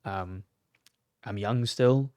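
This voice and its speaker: A young man from Canada, an actor telling animated stories in a casual interview. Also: fairly low pitch, very slow, no echo, studio quality. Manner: animated, acts out quoted lines. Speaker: actor, podcast guest.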